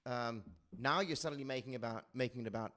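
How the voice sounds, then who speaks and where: A man's voice: mid-range voice, quick pace, a bit bright. A man hosting a casual chat show, telling stories with indignant restarts. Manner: indignant, restarts phrases when worked up. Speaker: host.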